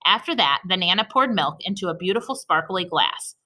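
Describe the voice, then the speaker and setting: Bright-voiced woman narrating a children's story. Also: lowish voice, animated, a little fast. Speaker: audiobook reader.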